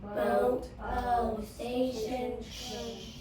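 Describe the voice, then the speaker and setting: Slow, hesitant woman student, echoey. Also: fairly high pitch, level tone, over a noisy crowd. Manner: slow, hesitant, halting recitation. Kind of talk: reciting phonics drill. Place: classroom. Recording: very echoey room, distant mic, background noise.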